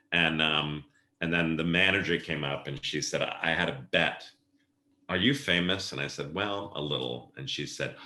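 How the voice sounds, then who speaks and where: In a relaxed storytelling interview, a middle-aged man who plans events shares anecdotes as a podcast guest, imitating the voices of those he quotes. He has a deep voice with a bright, forceful tone, heard with a roomy echo.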